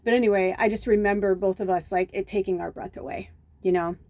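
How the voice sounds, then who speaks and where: A middle-aged woman from Chicago tells a long personal story in a casual vlog, wandering off on tangents. Her voice is warm and relaxed. The sound is dry and close, with almost no room echo. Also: medium pitch, quick pace. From Chicago, USA. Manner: rambling and digressive, with casual swearing; acts out quoted dialogue with lively reactions. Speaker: spiritual medium.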